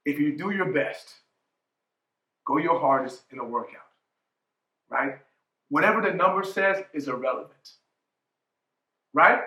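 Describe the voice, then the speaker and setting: Pria bersuara cerah di aula bergema. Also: male voice, fairly high pitch, lively intonation, a little slow, long pauses, pushed and bright, echoey room. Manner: emphatic, punctuates with "right?". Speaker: motivational speaker and coach. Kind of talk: motivational keynote talk. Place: conference hall.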